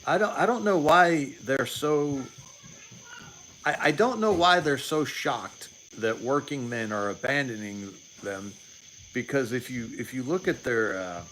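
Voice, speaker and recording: On poor audio with a little hiss or hum, a livestream host in his late forties offers casual political takes in an animated, medium-pitched, somewhat bright voice at a measured pace. His opinionated talk wanders, full of repeated words, restarted sentences, and sarcastic remarks.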